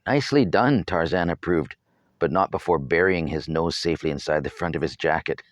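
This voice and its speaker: A man's voice: very deep voice, fairly even intonation, brisk, dry recording, clean studio sound. A man reading his own novel aloud as storybook narration, with wry, humorous asides.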